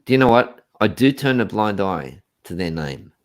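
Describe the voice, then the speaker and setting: A man's voice: fairly low pitch, sing-song, moderate pace, crowd noise. A middle-aged man chatting as a guest on a live video call, rambling and laughing easily. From Australia. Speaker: guest, coach. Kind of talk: casual chat on a live stream.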